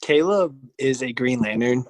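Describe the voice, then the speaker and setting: A man's voice: medium pitch, expressive, measured pace, no echo. A man co-hosting a podcast, chatting casually and teasing his co-host with jokes. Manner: joking, teasing interjections. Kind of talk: casual chat.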